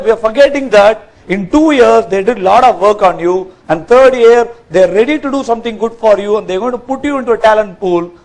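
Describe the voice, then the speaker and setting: High-voiced man giving a workshop talk. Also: rough recording. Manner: lively, quizzes the audience. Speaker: workshop speaker. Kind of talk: corporate training talk. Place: stage at a live workshop.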